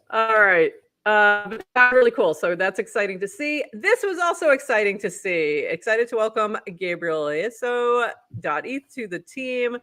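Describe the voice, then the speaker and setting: A man with a Boston accent co-hosting a live show, briskly reading posts aloud and commenting on them. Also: sits high, expressive, bright, forceful tone. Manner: brisk, upbeat, reads posts then comments. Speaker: co-host.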